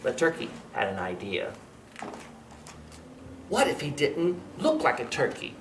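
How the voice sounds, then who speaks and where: A man's voice: on the high side, huge pitch swings, a little slow, fairly bright tone, far from the mic. A man, a children's librarian, reading a picture book aloud for young children in a sing-song storytelling way. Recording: roomy, from off the mic.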